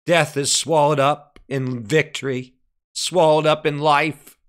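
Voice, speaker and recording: A man preaching a sermon with fervor, dropping to hushed lines and rising to shouted peaks, often asking "Amen?". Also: little pitch movement, takes it slowly, clean tone. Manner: fervent preaching, swinging from hushed low lines to shouted climaxes; calls out "Amen?" to the congregation.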